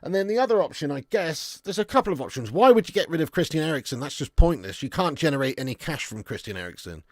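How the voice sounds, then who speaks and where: A man hosts a loose fan livestream, answering chat with blunt, swearing banter and calling everyone mate. His voice sits a little high. The sound is close and dry, with no room around it. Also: big pitch swings, fast, no echo. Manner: blunt, jokey, swears freely, calls viewers mate and lad. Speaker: fan channel host reading live chat.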